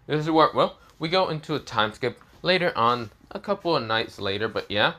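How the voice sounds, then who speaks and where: A man with a sore, coughing throat narrates an improvised fan story. He rambles, leaning on "this is where, well" and restarting his sentences, and his voice sounds bright and forward. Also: mid-range voice, animated, a little fast.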